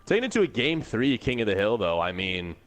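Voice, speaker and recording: A man from Canada commentating a live online game tournament with excited, filler-heavy play-by-play. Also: fairly low pitch, fairly quick, faint music behind. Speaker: esports co-commentator.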